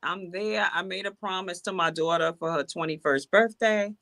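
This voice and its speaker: Singer guest, woman in her 40s, bright tense tone, friendly, dry close sound. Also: fairly low pitch, normal speed, no echo. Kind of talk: casual interview chat.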